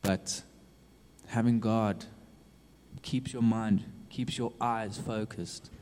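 A man's voice: fairly low pitch, fairly even intonation, slow, a little hiss or hum. Earnest preacher man in a reverberant hall. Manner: earnest, repetitive urging with sudden loud and hushed swings. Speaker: youth preacher. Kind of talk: sermon.

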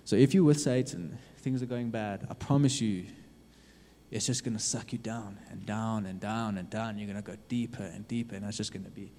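Man preaching, low mellow voice, earnest and repetitive, swinging between loud and hushed, long hall reverb. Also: steady tone, normal speed, slight background noise. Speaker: youth preacher. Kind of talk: sermon.

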